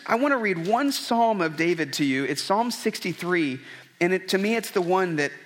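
A man's voice: high-pitched, a bit bright. A man preaching a conversational, earnest sermon, often restarting his sentences. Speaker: pastor.

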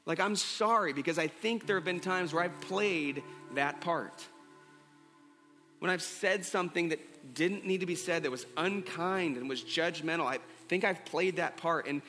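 A male pastor delivers an earnest sermon in a high, bright voice. He repeats key phrases to drive them home. The sound carries a long hall reverb with faint music underneath. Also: normal speed.

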